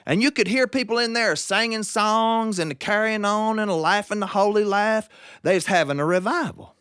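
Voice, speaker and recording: A man's voice: high-pitched, moderate pace, fairly bright tone, smooth, no echo. Man, storyteller, folksy drawling narration, dry close sound. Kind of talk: folk tale telling.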